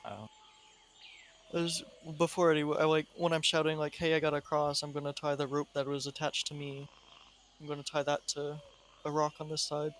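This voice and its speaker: A man's voice: a little high, little pitch movement, fairly quick, pauses often, fairly bright tone, a little hiss or hum. A man playing a tabletop game, asking questions and laughing often in casual chat. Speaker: player.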